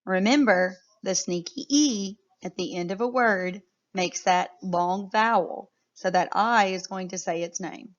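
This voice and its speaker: A woman teaching a phonics lesson to young children, sounding out words clearly and praising often. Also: mid-range voice, measured pace, dull audio.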